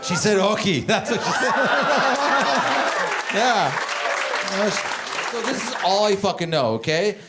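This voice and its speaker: A man's voice: high voice, animated, takes it slowly, pauses often, over a noisy crowd, heavy background noise. A man from Canada doing a stand-up comedy set, telling rambling, profane stories on a club stage. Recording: comedy club with audience laughter.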